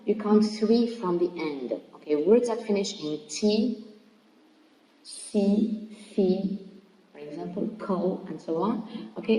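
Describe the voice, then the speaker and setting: A woman's voice: on the low side, dark tone. Echoey Algerian woman teaching English. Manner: explanatory, repeats "okay?" to check understanding. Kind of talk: recorded classroom lesson. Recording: echoey hall, voice from far off.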